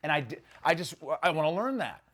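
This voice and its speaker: A middle-aged man telling stories in a casual interview, animated and swearing freely as he acts out lines. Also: fairly high pitch, fairly quick. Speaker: actor interviewee.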